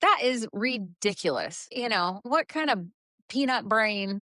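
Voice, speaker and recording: A woman's voice: mid-range voice, animated, a little slow, a bit bright, no echo, studio quality. A middle-aged woman co-hosting a casual parenting podcast, chatty and quoting herself in a sing-song voice. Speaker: podcast co-host.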